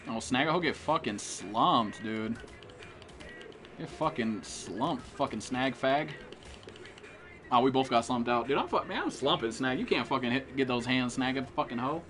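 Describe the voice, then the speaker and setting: A man's voice: medium pitch, lively intonation, brisk, few pauses, a bit bright, slight background noise. A man streaming a game live, swearing and trash-talking other players while he greets chat viewers. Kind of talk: live gameplay commentary.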